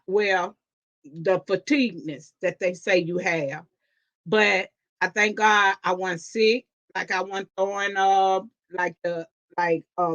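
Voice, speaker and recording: A woman hosting a live stream from home, chatting casually with viewers in a chatty, animated way with lots of restarts. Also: medium pitch. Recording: dull lo-fi stream audio.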